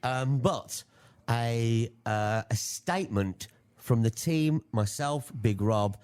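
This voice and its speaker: A man's voice: medium pitch, expressive, slow, darkish tone, clear, resonant tone. A man hosting a radio show, teasing his co-host and laughing readily in casual banter.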